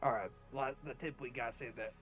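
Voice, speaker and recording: A man playing a ranger in a roleplay game, brisk and businesslike. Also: medium pitch, fairly even intonation, phone-quality sound. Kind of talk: in-character roleplay chat. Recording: faint music behind.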